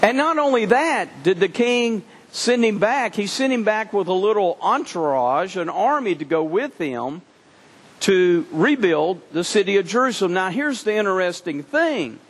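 A man preaching a sermon, telling a scripture story in an animated way and often repeating words as he restarts. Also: sits high, moderate pace, slightly rough. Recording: long reverb from a hall.

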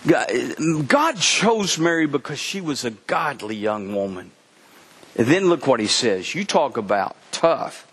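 Animated man preaching in a reverberant hall. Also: medium pitch, unhurried, a little hiss or hum. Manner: animated, acts out the Bible dialogue. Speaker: pastor. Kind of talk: sermon.

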